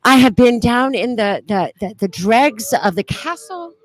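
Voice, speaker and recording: Woman doing a high-voiced, genteel English lady, airy and theatrical. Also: lively intonation, unhurried. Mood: gushing. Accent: put-on British.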